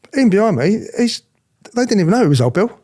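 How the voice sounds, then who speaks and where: A middle-aged man telling his story in an interview, animated, acting out other people's voices, often restarting his sentences. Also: sits high, fast. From England. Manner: animated, acts out quoted voices, frequent restarts. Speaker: interviewee, former police officer.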